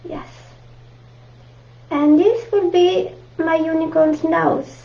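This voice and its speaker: A woman from Italy with an Italian accent, teaching a live online painting class and chatting warmly with viewers. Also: extremely high pitch, steady tone, takes it slowly, creaky. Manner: chatty, warm asides to viewers, frequent laughs. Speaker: art teacher. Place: home art room. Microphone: camera mic at close range. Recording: dull lo-fi livestream audio.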